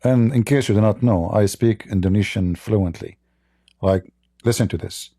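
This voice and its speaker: A man hosting a livestream debate, talking casually in a slow, halting, mocking way. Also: lowish voice, mellow, no room sound, studio quality.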